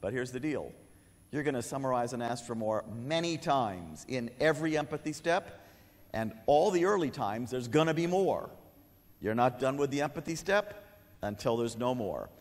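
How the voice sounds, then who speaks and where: Man, conference speaker, humorous and lively, acts out a kid, long hall reverb, stage mic. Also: medium pitch, moderate pace. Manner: humorous, animated, acts out a kid's lines. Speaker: lecturer. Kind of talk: conference lecture.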